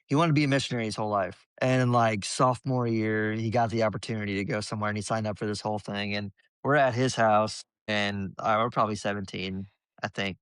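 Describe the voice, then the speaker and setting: A man's voice: on the low side, steady tone, fast talker, fairly bright tone, clean tone, no echo. A young man on a podcast, casually telling stories and laughing often. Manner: laid-back storyteller, laughs a lot. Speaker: podcast host. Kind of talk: casual chat.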